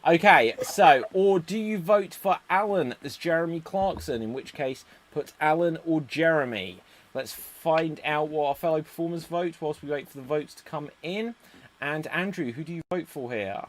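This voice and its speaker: An English man hosting a live-streamed improv comedy show, brisk and upbeat as he reads out audience votes. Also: a little high. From England.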